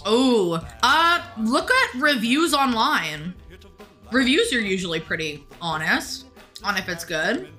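A chatty woman streams a game live, her fairly high voice bright and forceful as she answers her viewers. Soft music plays faintly behind her. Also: big pitch swings, slow. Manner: chatty, reads chat aloud and answers viewers. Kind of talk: casual live-stream chat while gaming.

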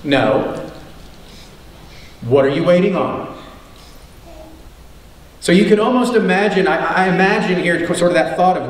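This sermon comes from a high-voiced male preacher and teacher who speaks a little slowly and pauses often. He's emphatic, returns to key lines, and asks rhetorical questions. The audio is from a church sanctuary, echoey, distant from the mic, and faintly noisy.

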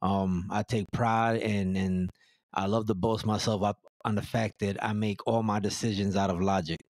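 A man's voice: on the low side, little pitch movement, moderate pace, a little mellow, no room sound. A man talking in a blunt, profane, very direct way, tripping over his own words as he restarts sentences. The sound is close and dry, with no room around him. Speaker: podcast guest. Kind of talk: blunt casual chat.

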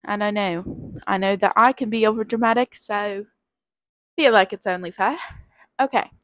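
On a rough recording without echo, a vlogger of nineteen who has covid rambles and hesitates while doing a quiz aloud. Her pitch is medium, her pace moderate, and she pokes fun at herself in this casual vlog.

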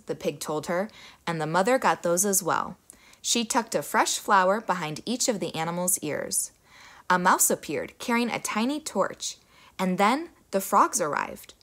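A young woman reads a children's folktale aloud, with her voice rising and falling freely from line to line. Her delivery is expressive and animated, made for young listeners. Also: on the low side. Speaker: storyteller. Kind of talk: children's story read aloud.

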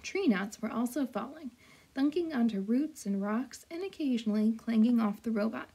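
A woman reads a children's storybook aloud in a gentle, measured way, her voice sitting a bit high. The tone is mellow and dark rather than bright, with a soft husky edge. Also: lively intonation.

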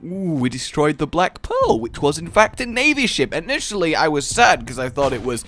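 A young man hosting a gaming video, giving excitable, jokey let's-play commentary and shouting during the action. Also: fairly high pitch, normal speed.

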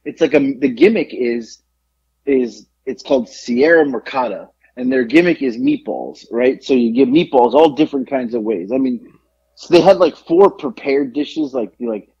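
A man chats on a podcast, telling a long story and acting out the voices of people in it, swearing freely. His voice is husky and swings widely up and down. The recording is dull and lo-fi. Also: mid-range voice, moderate pace. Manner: animated storyteller, acts out quotes, swears freely. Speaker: podcast co-host. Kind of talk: casual podcast chat.

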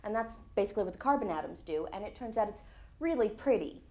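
A woman chats on stage as a guest author at a lecture event, telling anecdotes with a quick laugh never far away. Her voice sits at an ordinary middle pitch. She breaks hard science down into plain everyday comparisons. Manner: lively anecdotal storyteller, laughs often.

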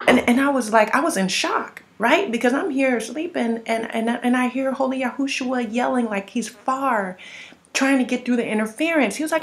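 A woman's voice: a little high, normal speed. A woman giving a spiritual testimony and teaching in a rambling, conversational way, often asking "right?" and repeating words as she goes. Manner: conversational, rambling, frequent "you know" and "right?"; frequent word repeats and restarts. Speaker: ministry teacher.

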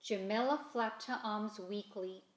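A woman reading a children's storybook aloud slowly and expressively. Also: mid-range voice. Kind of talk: read-aloud storybook narration. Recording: roomy echo.

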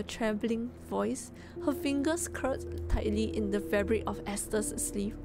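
A woman streamer reading a story aloud on a live stream in a gentle, measured voice. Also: mid-range voice, fairly even intonation. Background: music.

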